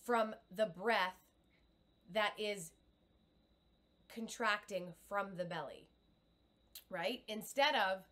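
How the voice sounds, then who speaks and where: A woman's voice: mid-range voice, measured pace, a bit bright. A middle-aged woman and communication coach, giving an upbeat, encouraging live video lesson with demonstrations.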